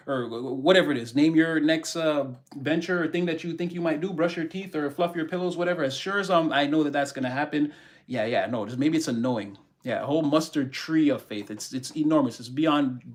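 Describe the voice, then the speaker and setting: A man hosting a tarot live stream, with a fairly high voice for a man. He talks in a loose, animated way and slips into preachy pep talk. He greets viewers by name as they drop in. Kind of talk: casual live-stream chat.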